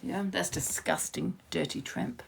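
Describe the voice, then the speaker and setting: Woman, livestreamer, heated rant to viewers, swears freely, gravelly edge, phone mic. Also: lowish voice, huge pitch swings, unhurried, slight background noise. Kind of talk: ranting live stream to viewers.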